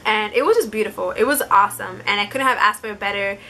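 Speaking at medium pitch with a sharp tone, a young woman chats to camera about something personal that happened to her. Her talk is full of "like" fillers, and she drops in quick quoted asides from other people.

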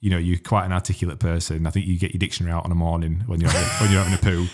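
A deep-voiced male interviewer speaks at a brisk clip. He teases his guest and keeps things jokey. His tone is casual and chatty. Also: little pitch movement, darkish tone. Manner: jokey, teasing, quick.

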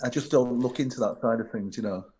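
A man's voice: mid-range voice, quick pace, darkish tone. A middle-aged man, a former bodyguard, telling stories in an interview, acting out old conversations and often restarting his sentences. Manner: anecdotal, retells dialogue, frequent restarts. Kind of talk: storytelling interview.

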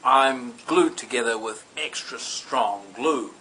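A man's voice: medium pitch, slow, pushed and bright, slight background noise, low-quality recording. A man voicing a smug, defiant wooden chair that boasts it cannot be broken, in a told comic story. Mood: taunting. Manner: taunting, defiant. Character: smug indestructible glued-together wooden chair.

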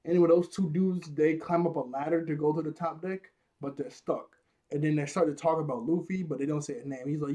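A man's voice: a little high, fairly quick, mellow. A man giving a casual, rambling episode review, laughing often at his own jokes.

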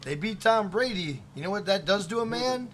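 A man's voice: high voice, lively intonation, normal speed, a bit bright, a little hiss or hum. A man live-streaming a game, chatting casually, swearing and joking as he reads out viewer messages.

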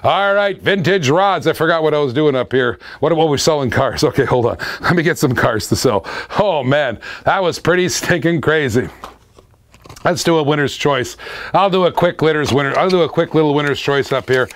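A man hosting a live-stream auction, excitable and laughing often, repeating his phrases. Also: fairly high pitch, normal speed, no echo.

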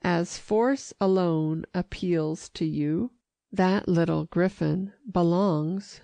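A woman narrating an audiobook in a measured, even storytelling manner. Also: fairly low pitch, creaky, dry recording. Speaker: audiobook reader.

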